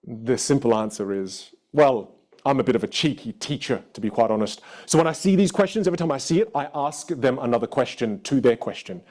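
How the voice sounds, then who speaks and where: A man in his thirties with an Australian accent, coaching on voice in a playful, energetic stage-teaching manner. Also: medium pitch, fairly quick. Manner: animated, playful, emphatic. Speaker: voice and communication coach.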